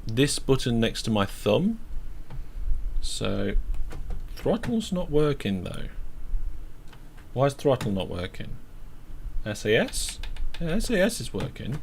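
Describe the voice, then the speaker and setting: Casting: British male game streamer, relaxed play-by-play, self-narrating, mid-range voice. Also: mid-range voice, creaky, a little hiss or hum. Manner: chatty, talks through each step, self-narrating. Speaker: live streamer. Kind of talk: casual gameplay live-stream commentary.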